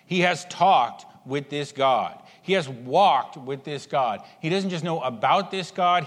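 A man preaching a sermon with emphasis, voicing imagined inner thoughts and swinging between hushed and raised delivery. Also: fairly high pitch. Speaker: pastor. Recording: long hall reverb.

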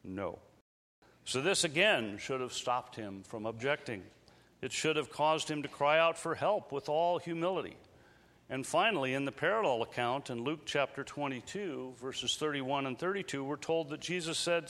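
A man's voice: medium pitch, a bit bright. Earnest male preacher in a reverberant hall. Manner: earnest, measured preaching with slow emphatic phrases. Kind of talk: sermon. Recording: long reverb of a large hall.

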